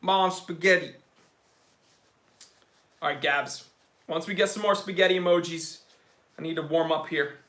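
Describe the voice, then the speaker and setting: A high, bright male voice reads out chat comments and riffs on them with joking enthusiasm, calling viewers bro. His sharp voice bounces around a roomy, echoey space. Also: fairly quick. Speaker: watch channel host. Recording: roomy echo.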